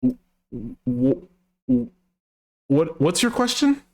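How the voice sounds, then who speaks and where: A man's voice: high-pitched, big pitch swings, extremely slow. A man hosting a livestream, chatting casually, asking wry, skeptical questions and reading viewer comments aloud. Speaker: streamer host. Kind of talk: casual chat.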